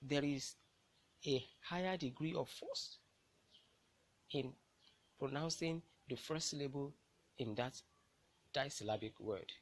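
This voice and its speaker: A man's voice: medium pitch, slow pace, long pauses, low-quality recording. A man teaching a lesson, explaining step by step and stressing key words. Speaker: English language teacher. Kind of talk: classroom lecture.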